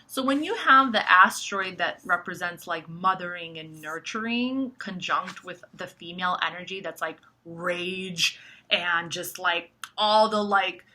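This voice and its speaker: Young woman, bright edgy voice, casual vlogger, animated with frequent cursing. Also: lowish voice, a little slow. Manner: animated, swears, many likes. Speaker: astrology vlogger. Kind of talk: casual monologue to camera.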